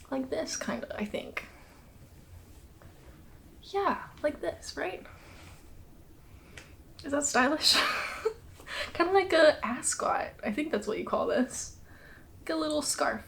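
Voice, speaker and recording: A woman's voice: sits high, gravelly, a little hiss or hum. A young woman hosting a knitting podcast, chatting casually, laughing often and a little out of breath. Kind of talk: casual chat.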